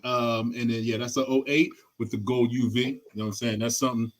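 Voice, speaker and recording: A man's voice: mid-range voice, level tone, fast. A man from South Jersey co-hosting a casual podcast over a video call, laid-back and joking with slangy talk. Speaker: podcast co-host. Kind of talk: casual group chat podcast.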